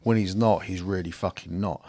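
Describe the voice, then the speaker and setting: A man's voice: low voice, fairly even intonation, normal speed, mellow, dry recording, clean studio sound. A man co-hosting a casual film podcast, blunt and sweary, rambling with lots of fillers. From second-generation Irish. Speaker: podcast co-host.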